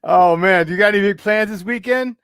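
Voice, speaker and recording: High-voiced joking man, dry sound. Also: brisk, a bit bright, smooth, no echo. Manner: joking, laughs a lot, acts out high-voiced quotes. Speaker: radio sports talk host. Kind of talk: casual chat.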